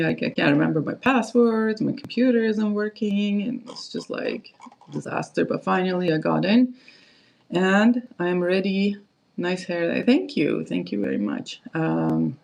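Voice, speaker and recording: Heavily gravelly woman chatting casually. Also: fairly low pitch, a little mellow, poor audio. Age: adult, parent of kids. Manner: rambling, chatty, many fillers and restarts. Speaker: perfume livestream host. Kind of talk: casual livestream chat.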